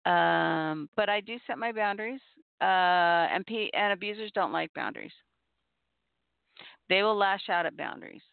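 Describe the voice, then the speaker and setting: Gravelly-voiced woman, tinny dry audio. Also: mid-range voice, animated, dry recording. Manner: earnest, measured, repeats key points. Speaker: podcast host on abuse recovery. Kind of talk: reflective advice talk.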